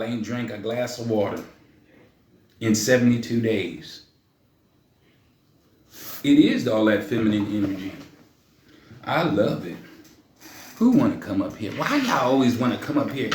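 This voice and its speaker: A man's voice: mid-range voice, a little mellow. A man hosting a casual livestream, teasing his viewers and ranting with jokes and profanity. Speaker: livestream host. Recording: echoey room, faint noise.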